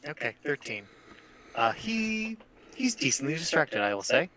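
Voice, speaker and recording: A man narrates a tabletop game as game master, speaking casually and leaning on fillers. His voice is bright and forceful, at a middle pitch. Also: sing-song, a little slow, rough recording.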